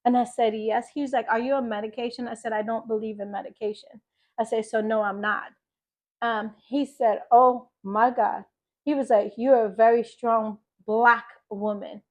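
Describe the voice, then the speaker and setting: Expressive woman telling a faith testimony. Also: fairly high pitch, normal speed. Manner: expressive, emphatic, animated quoting of others. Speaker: faith podcast host. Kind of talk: personal testimony storytelling.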